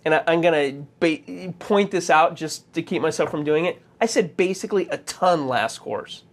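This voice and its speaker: A man teaching a conversational tech course, talking with many fillers, restarts and halting pauses. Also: on the high side. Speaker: course instructor.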